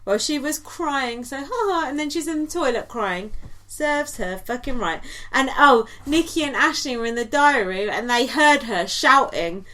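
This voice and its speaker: Woman podcast co-host, highish voice, rambly, giggly, filler-heavy recap. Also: lively intonation, normal speed, bright, forceful tone. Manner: chatty, lots of ums and likes, giggly asides. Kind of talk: casual recap chat.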